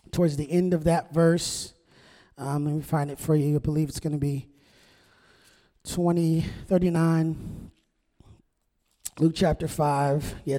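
Male pastor, conversational preacher, mellow and slightly high voice, call-and-response, echoing sanctuary. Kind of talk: sermon. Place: church sanctuary. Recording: long church hall reverb.

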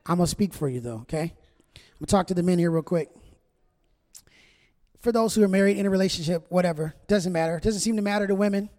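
A pastor with a high, light voice for a man, preaching a humorous sermon in a joking, chatty way. He talks straight to the congregation, teasing the men and the women in turn. His words ring out with the long reverb of a big church hall. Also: quick pace, long pauses, a little mellow.

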